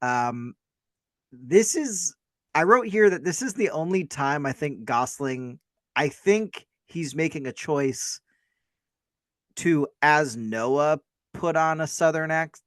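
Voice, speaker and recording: A man's voice: fairly high pitch, expressive, takes it slowly, no echo, studio quality. A man co-hosting a podcast, chatting casually about a film in a rambling, hedging way. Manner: rambling, hedging, self-deprecating. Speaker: podcast co-host.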